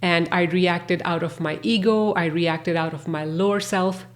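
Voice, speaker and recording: A woman hosting a self-help podcast, talking in a gentle, earnest, reflective way with soft fillers. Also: lowish voice, steady tone, a little slow. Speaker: podcast host.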